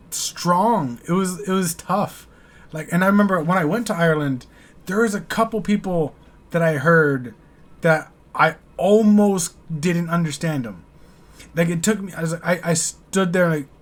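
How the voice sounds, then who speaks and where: An American man hosting a reaction video, rambling candidly through his thoughts and swearing now and then. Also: a little high. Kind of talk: casual reaction commentary.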